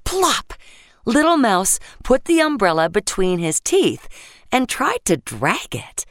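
A woman narrating a children's bedtime story gently and expressively, voicing the sound effects. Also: medium pitch, huge pitch swings, unhurried, no room sound, clean studio sound.

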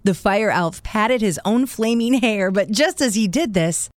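A woman narrating a children's story in a scripted, expressive way, voicing the sound words with gusto. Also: medium pitch, measured pace, no room sound, studio quality.

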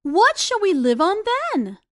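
A woman's voice: extremely high pitch, huge pitch swings, measured pace, fairly bright tone, exaggerated voice. Woman doing a poor, scolding village mother. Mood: angry. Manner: scolding, anxious.

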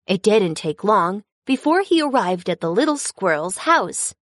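A woman narrating a children's storybook in an expressive, storytelling manner. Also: mid-range voice, a little slow, no echo, clean studio sound. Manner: expressive, storytelling with sound effects.

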